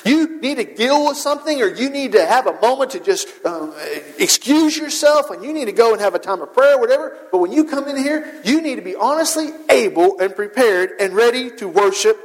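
Male pastor, sermon delivery, higher-pitched, emphatic and questioning, recorded in a church with a long echo. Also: lively intonation, a little fast, hardly any pauses. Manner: earnest, rhetorical questions, emphatic repetition. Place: church sanctuary. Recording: long hall reverb.

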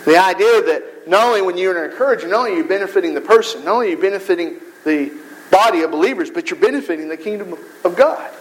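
A man preaching a sermon, animated and storytelling, acting out quoted voices. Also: sits high, fast, poor audio.

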